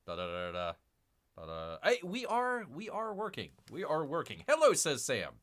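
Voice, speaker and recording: A man's voice: a little high, huge pitch swings, moderate pace, fairly bright tone. A man hosting a casual live stream about comic books, rambling through fillers and restarts, calling himself Bear and talking to viewers as "people.". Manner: calls himself Bear in the third person; keeps addressing viewers as "people".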